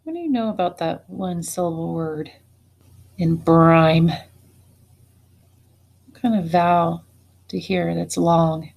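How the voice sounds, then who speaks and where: Woman teacher, low-pitched, reads out a spelling test slowly and patiently, saying each word twice. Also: gravelly, darkish tone. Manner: slow, deliberate, repeats each word. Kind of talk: slow spelling dictation.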